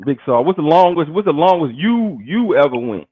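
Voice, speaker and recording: During casual banter on a stream, a man insistently presses the others, asking the same question again and again. His voice is fairly high and expressive at a moderate pace, recorded dry on dull lo-fi stream audio.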